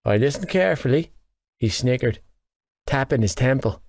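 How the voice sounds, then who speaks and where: A man reading first-person audiobook narration in a low, matter-of-fact way. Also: expressive, normal speed, darkish tone, no room sound, studio quality.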